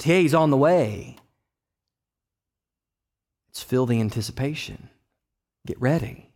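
A man in his thirties from Texas preaching a sermon, conversational with personal stories, rising to loud emphatic bursts and dropping to quiet low asides. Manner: conversational, with restarts and personal anecdotes. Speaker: pastor.

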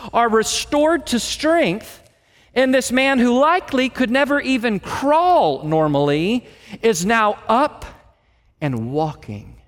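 High-voiced preacher in a reverberant hall. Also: male voice, a bit bright. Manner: emphatic, acts out quoted lines. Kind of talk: expository sermon.

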